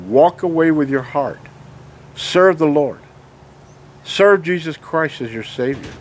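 A man's voice: fairly high pitch, expressive, slow, slight background noise. A man in an angry, heated monologue, speaking emphatically and repeatedly checking in with his listeners. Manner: heated and emphatic, keeps asking "okay?". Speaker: vlogger. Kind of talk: angry ranting monologue to camera.

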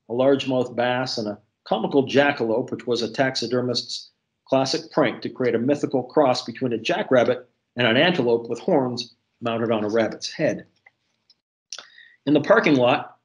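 Middle-aged author, steady story reading, mid-range voice, video call. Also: male voice, mid-range voice, low-quality recording. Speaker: author and artist. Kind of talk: reading his novel aloud.

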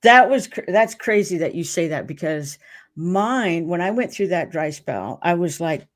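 A woman's voice: lowish voice, lively intonation, moderate pace. A woman hosting a podcast, chatting casually and reacting with enthusiasm. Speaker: podcast host. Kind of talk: casual conversational interview.

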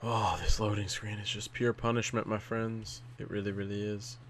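A man's voice: lowish voice, little pitch movement, normal speed. A man casually commenting on a game as he plays, chatting to his viewers and taunting enemies. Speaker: gameplay commentator. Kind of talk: casual let's-play commentary.

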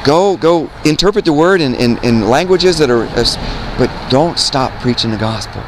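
A man's voice: a little high, expressive, moderate pace, noisy background. A man preaching earnestly outdoors to young people, repeating himself, quoting scripture and asking "right?". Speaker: street preacher. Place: outdoors by a road.

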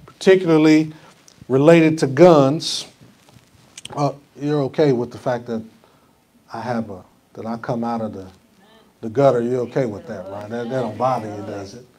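A man's voice: mid-range voice, fairly even intonation, moderate pace, dark tone. A man pastor preaching a conversational sermon in a church, often asking the congregation questions. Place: church sanctuary.

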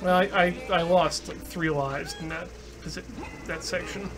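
A man's voice: a little high, steady tone, normal speed, over music. A man playing a game on stream, chatting casually and stammering as he reacts to the action. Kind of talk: casual gameplay chat.

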